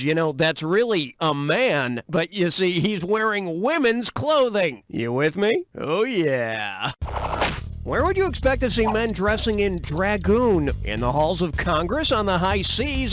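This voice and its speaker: A man hosting a video game quiz show, delivering questions and sarcastic jokes with a brash, sing-song manner. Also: sits high. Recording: game audio with loud music behind.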